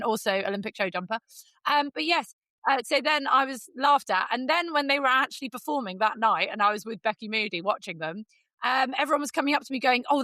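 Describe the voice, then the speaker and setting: A woman with an English accent, co-hosting a podcast and telling a story in casual, lively chat, jumping into high voices for quotes. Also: no echo. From England. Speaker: podcast co-host.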